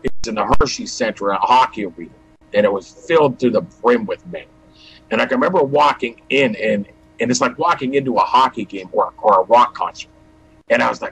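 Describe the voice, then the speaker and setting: A man's voice: mid-range voice, lively intonation, brisk, fairly bright tone, husky, rough recording. A man telling his life story as a guest, acting out old conversations as he goes. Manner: acts out dialogue with "I go, he goes". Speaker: guest giving testimony. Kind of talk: storytelling testimony.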